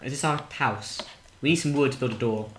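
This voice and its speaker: A man's voice: mid-range voice, a little fast, a bit bright. A man from England rambling and joking through gameplay as a podcast co-host, swearing often. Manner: rambling, silly, swears a lot. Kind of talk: joking gameplay chat in character. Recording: echoey room with faint noise.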